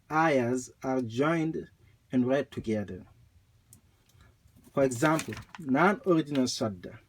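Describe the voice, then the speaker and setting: A man teaching Quran recitation rules, explaining slowly and repeating points, with recited examples. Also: medium pitch, husky.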